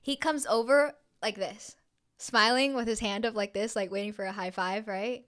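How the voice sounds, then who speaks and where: A young woman, a podcast co-host, telling an anecdote in casual chat, animated and full of swearing, acting out quotes with lots of "like". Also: medium pitch, moderate pace. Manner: animated, swears a lot, acts out quotes with filler "like".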